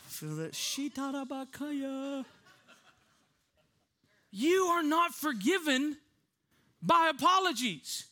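A man preaching a sermon with comic stories, animated, laughing often and acting out voices. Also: extremely high pitch.

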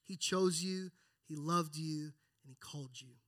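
A man's voice: on the high side, a little slow. Earnest man preaching a sermon. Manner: earnest, builds then drops to hushed prayer. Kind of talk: sermon with scripture reading.

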